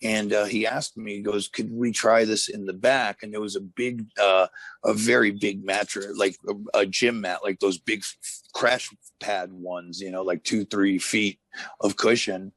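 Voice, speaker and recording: A man guesting on an interview, telling old stories in a relaxed, rambling way full of fillers. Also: fairly low pitch, unhurried, dry recording. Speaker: former wrestler, interview guest. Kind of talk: casual storytelling interview.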